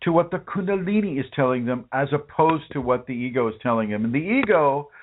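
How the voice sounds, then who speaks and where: A man's voice: medium pitch, lively intonation, fairly quick, a little hiss or hum. Earnest guy hosting a spiritual show, lots of restarts, tinny phone-line sound. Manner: earnest, colloquial, many restarts and repetitions. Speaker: spiritual teacher and show host. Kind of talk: broadcast spiritual teaching.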